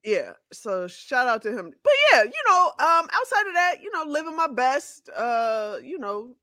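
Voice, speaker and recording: A woman co-hosting a podcast in casual chat, relaxed and laughing often. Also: sits high, normal speed, no echo, studio quality. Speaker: podcast co-host.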